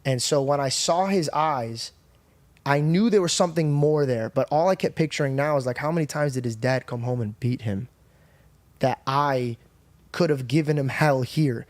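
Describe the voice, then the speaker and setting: A man's voice: medium pitch, normal speed, no room sound. Candid man telling a story, dry sound. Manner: candid, profane, animated retelling. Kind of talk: casual podcast storytelling. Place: podcast studio.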